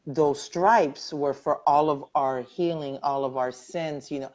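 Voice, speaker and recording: A woman's voice: deep voice, fairly even intonation, unhurried, hardly any pauses, darkish tone, dull audio. A middle-aged woman earnestly sharing her personal story as a cancer survivor in a live online interview, often repeating phrases for emphasis.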